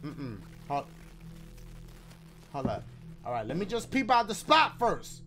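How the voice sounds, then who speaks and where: A man's voice: on the high side, wildly swooping pitch, measured pace, a bit bright, faint music behind. A man doing let's play commentary on a game, slangy and joking, talking to the viewers. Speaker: gaming YouTuber.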